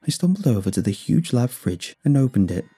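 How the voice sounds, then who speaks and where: A man narrating a first-person horror story in a measured, dramatic reading. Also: very animated, dark tone, breathy edge, faint music behind. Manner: measured, dramatic reading with sudden pitch lifts.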